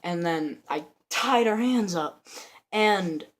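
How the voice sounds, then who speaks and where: A woman's voice: fairly low pitch, lively intonation, takes it slowly. A woman vlogger telling a rambling, joking made-up story with lots of slang, giggling and mumbled asides.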